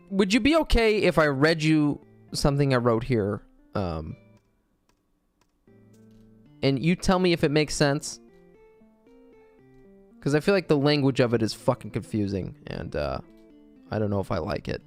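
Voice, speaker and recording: Man, gaming streamer, casual, swears freely, animated voice, low background music. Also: a little slow, long pauses. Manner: laid-back and profane, with loose joking asides. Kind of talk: casual livestream chat and reading his own script.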